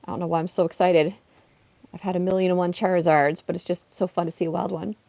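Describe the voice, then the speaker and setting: A woman chatting casually on a livestream while playing a game, self-deprecating and bursting into excited exclamations. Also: lowish voice, fast talker, gravelly, dry recording. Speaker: streamer. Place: her apartment.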